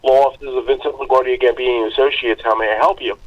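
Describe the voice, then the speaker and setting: A man's voice: mid-range voice, fairly even intonation, quick pace, muffled recording, close to an everyday voice. A man putting on a brash New York wiseguy. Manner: wisecracking, streetwise. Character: brash fast-talking male New York character.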